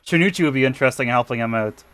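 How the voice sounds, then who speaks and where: A man's voice: medium pitch, very fast, fairly bright tone, smooth, dry recording. A man playing a tabletop game, laughing often and restarting his sentences. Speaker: player. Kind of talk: casual tabletop chat.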